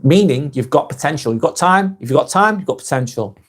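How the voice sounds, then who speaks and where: A man hosting a live vlog, chatting casually and reading viewers' comments aloud, with frequent "um"s and quick apologies. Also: a little high, lively intonation. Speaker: live-stream host.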